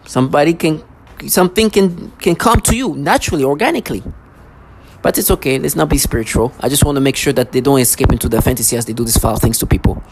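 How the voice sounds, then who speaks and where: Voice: mid-range voice, quick pace, noisy background. A vlogger speaking in a rambling personal monologue, agitated and repetitive, with frequent stammering restarts.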